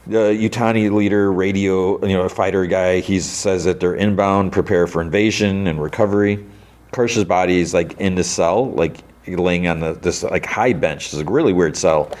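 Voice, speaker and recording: Here a podcast host with a deep, steady, slightly mellow voice recaps a TV episode in a loose, meandering way. He leans on filler words and tosses off fast impressions of the characters.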